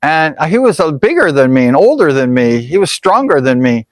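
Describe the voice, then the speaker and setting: A man's voice: a little high, very animated, moderate pace, no room sound. A man vlogger telling a personal story in a casual, rambling way, full of fillers. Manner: rambling, full of "like" and "you know".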